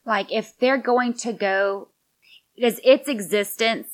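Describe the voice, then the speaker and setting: A woman's voice: a little high, slow pace. Eager, chatty woman player. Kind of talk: casual tabletop play.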